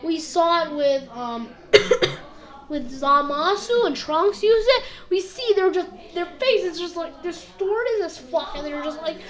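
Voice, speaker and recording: A woman's voice: very high voice, fairly bright tone. A woman casually reviewing an anime episode, rambling with lots of fillers and acting out bits of dialogue. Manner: rambling, full of fillers and quick impressions.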